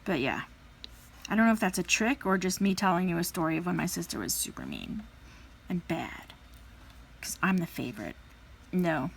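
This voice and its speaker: A woman in her thirties who vlogs about crafting tells stories in a casual chat, with many fillers and playful voices for quotes. Her lowish, gravelly voice is very animated at normal speed, with long pauses and a little hiss or hum in the audio.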